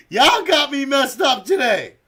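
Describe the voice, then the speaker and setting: A man hosting a live stream, playfully announcing players as they drop out of a game, often laughing. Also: very high voice. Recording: loud crowd and noise behind.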